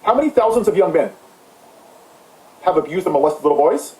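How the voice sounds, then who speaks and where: A man's voice: high voice, lively intonation, a little fast, a little mellow, reverberant, poor audio. A man delivering a heated, sarcastic political rant as the host of his own channel. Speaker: political commentator. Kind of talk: impassioned ranting monologue.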